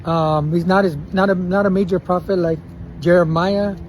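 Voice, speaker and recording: Man, casual preacher, high voice, faint street noise behind. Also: steady tone, normal speed, rough recording. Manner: casual, mixes Spanish words into English, chuckles often. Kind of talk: informal devotional sermon.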